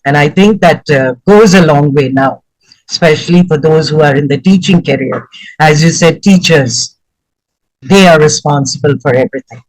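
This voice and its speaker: A man's voice: on the high side, normal speed, no room sound, low-quality recording. A man giving a formal, effusive spoken review of a session, with elaborate wording. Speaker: session participant giving feedback.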